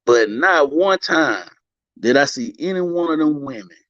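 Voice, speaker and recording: A man's voice: fairly high pitch, animated, a little slow, a bit bright, no room sound, muffled recording. A man on a discussion panel, talking in an easygoing, conversational way.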